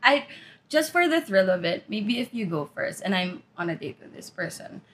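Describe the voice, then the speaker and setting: A woman's voice: mid-range voice, very animated, moderate pace, fairly bright tone, slight background noise. A woman co-hosting a podcast in casual chat, playful and mischievous as she spins ideas. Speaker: podcast co-host.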